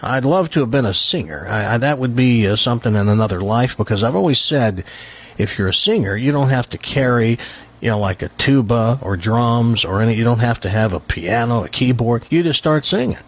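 Husky, lively-voiced radio co-host who teases. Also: male voice, medium pitch, fairly quick. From Tennessee. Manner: teasing, playful banter. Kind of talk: casual radio chat.

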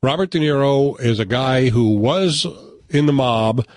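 A man's voice: medium pitch, a little slow, no echo. A man hosting a casual movie chat, wry and conversational.

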